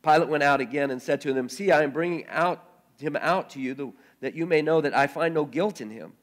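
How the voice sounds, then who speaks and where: This fairly high-voiced pastor moves from reading scripture to a halting sermon. He keeps repeating words while working through his thoughts aloud.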